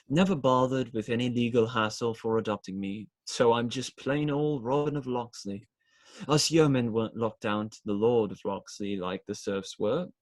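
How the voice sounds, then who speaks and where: An actor playing Robin Hood, a jovial young outlaw, in an audio drama. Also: male voice, mid-range voice, no room sound, lightly acted. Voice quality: warm, jovial, fond of mock accents.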